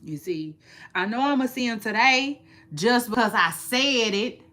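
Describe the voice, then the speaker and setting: A woman's voice: on the high side, expressive, a little slow, pushed and bright. A woman vlogger chatting casually about celebrity gossip, repeating phrases and drawling her asides.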